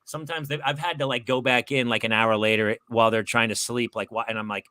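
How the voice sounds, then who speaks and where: Brief: male chat-show host, bright and blunt, dry close sound. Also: mid-range voice, steady tone, fast talker, no room sound. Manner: blunt, laughs at his own stories. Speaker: podcast host. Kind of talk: casual chat.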